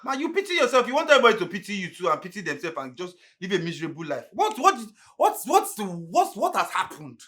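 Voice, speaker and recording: A man's voice: high-pitched, huge pitch swings, fast talker, few pauses, heavily acted. An actor with a Nigerian accent playing a proud young driver who lectures his boss bluntly. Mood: scolding. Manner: lecturing, scolding loudly. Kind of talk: Nollywood film acting.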